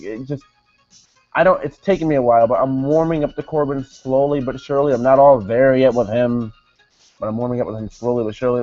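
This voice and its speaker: A man's voice: medium pitch, a little mellow, no room sound. A young man casually reviewing a wrestling show, rambling with many fillers and self-corrections. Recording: dull lo-fi sound, faint music behind.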